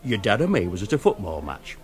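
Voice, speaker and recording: A man voicing a gruff older male relative with a Northern English accent, grumbling and rambling. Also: lowish voice, wildly swooping pitch, fast. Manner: complaining, rambling storyteller.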